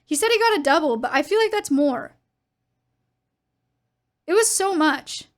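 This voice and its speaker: A young woman with a high, bright-pitched voice, chatting casually to her stream audience. She tells animated stories, acts out both sides of conversations, and often breaks into laughter. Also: moderate pace. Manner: animated storytelling with laughs and quoted dialogue.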